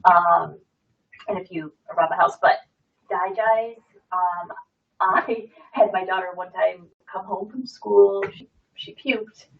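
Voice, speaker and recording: A woman's voice: lowish voice, takes it slowly, vocal fry. A woman in her thirties, a mother telling home stories in a chatty way with many fillers and restarts. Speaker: guest sharing a testimonial. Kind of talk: casual chat. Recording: muffled audio from far off the mic.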